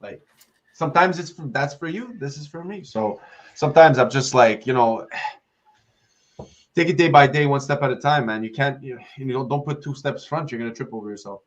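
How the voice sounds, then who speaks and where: A man's voice: mid-range voice, moderate pace. A man heard through dull, lo-fi audio, talking casually on a podcast roundtable. He tells stories and acts out his friends' lines as he goes. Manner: storytelling, acts out quoted friends.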